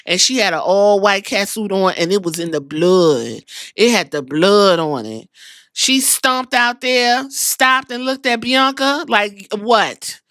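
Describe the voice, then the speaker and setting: A woman podcast host giving a sassy, animated wrestling recap with slang. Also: medium pitch, measured pace, no echo, studio quality.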